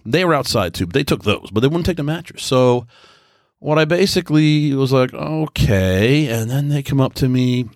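A man hosting a podcast, telling a long casual story in a rambling, chatty way, full of restarts, easygoing and mellow. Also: mid-range voice, animated, moderate pace, no room sound, studio quality. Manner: easygoing, self-described mellow. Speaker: podcast host. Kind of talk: casual monologue.

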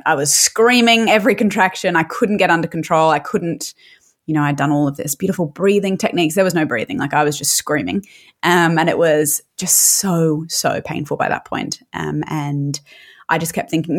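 A woman guest on a podcast telling her own story in a candid, emotional way, with many restarts. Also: deep voice. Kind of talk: personal storytelling.

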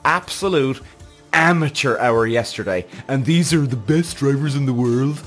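A man's voice: mid-range voice, normal speed, soft background music. A man hosting a motorsport reaction vlog, ranting in a heated, profane, exasperated way. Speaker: F1 reaction show host.

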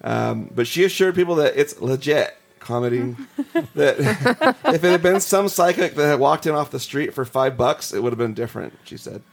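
Gravelly man reading ghost stories. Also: on the high side, very animated, moderate pace, hardly any pauses. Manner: reads stories aloud with chuckles and asides. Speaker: podcast host. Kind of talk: casual podcast chat reading ghost stories.

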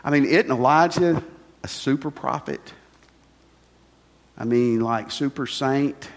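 Older pastor preaching in a hall. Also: male voice, medium pitch, slow pace. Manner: folksy, conversational preaching with rhetorical questions. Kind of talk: sermon. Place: church sanctuary. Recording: long reverb of a church hall.

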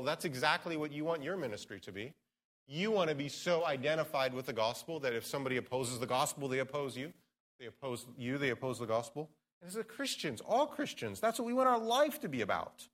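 Male pastor, fairly high voice, earnest sermon delivery with shifting emphasis. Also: a bit bright. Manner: earnest expository preaching, varied emphasis.

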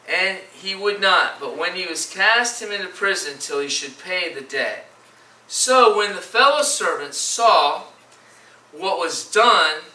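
Male preacher, slightly high voice, halting and repetitive, recorded from a distance. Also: pushed and bright. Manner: halting, repeats words, reads scripture in old-style phrasing. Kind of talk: sermon. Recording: echoey room from far off.

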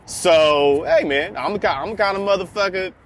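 A man's voice: high voice, moderate pace, a little hiss or hum. A man in his twenties talking casually while driving, rambling and joking with constant profanity. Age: 20s. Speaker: vlogger. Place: in a car on city streets.

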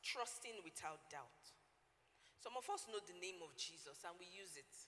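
Nigerian woman preacher, bright and forceful tone, long church reverb, faint noise; emphatic delivery. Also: lowish voice, animated, normal speed. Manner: emphatic, repeats key points, engages the congregation. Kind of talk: sermon.

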